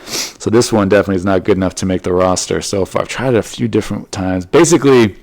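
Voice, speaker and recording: A man with a lowish voice talks through his material alone on a podcast. His delivery is loose and rambling, padded with "you know" and "like.". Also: fast talker, vocal fry, a little mellow. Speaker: comedian and podcast host. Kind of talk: casual solo monologue.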